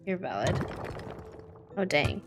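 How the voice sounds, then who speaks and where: A woman's voice: low-pitched, takes it slowly, over music. A young woman casually chatting to her live-stream audience while playing a farming game. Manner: relaxed, chatty, talks to chat between tasks.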